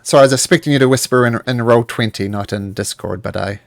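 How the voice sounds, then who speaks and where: A man narrating as game master of a streamed tabletop game, relaxed and halting. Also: medium pitch, vocal fry. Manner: relaxed, halting, many restarts.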